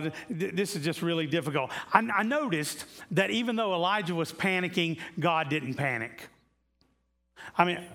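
A man preaching a sermon to a church congregation in a conversational way, repeating key lines and slowing down for emphasis. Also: fairly high pitch, a bit bright. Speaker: pastor.

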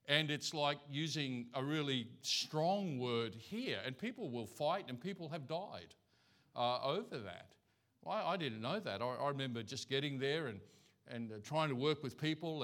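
Bright-voiced man preaching a sermon. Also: medium pitch. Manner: anecdotal, folksy storytelling. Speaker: pastor. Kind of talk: conversational sermon. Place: church.

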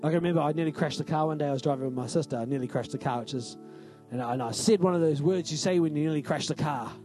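A man's voice: fairly high pitch, racing, dark tone, faint music behind. A male pastor giving a conversational, emphatic sermon in a church and often asking the congregation "right?".

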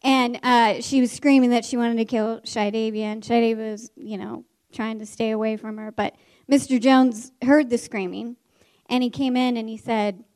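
A woman teacher telling a story from her classroom to an audience, animated and laughing, with many restarts. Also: on the high side, moderate pace. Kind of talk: stage storytelling.

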